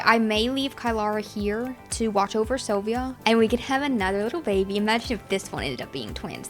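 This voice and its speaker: A young woman giving chatty, excitable commentary while playing a life-simulation game, often talking to her characters. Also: fairly high pitch. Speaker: gaming channel host. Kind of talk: casual gameplay commentary.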